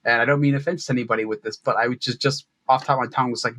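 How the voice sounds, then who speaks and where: A man telling a lively anecdote in casual chat, acting out what people said. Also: mid-range voice, very fast, a little hiss or hum. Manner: lively storyteller, acts out quotes. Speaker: guest author.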